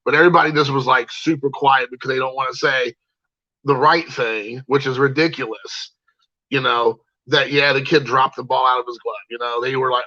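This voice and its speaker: A man's voice: medium pitch, steady tone, moderate pace, pushed and bright, dry recording, dull audio. Man telling a story, full of fillers. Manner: rambling, many fillers and restarts. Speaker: parent telling a personal story. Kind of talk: casual spoken monologue.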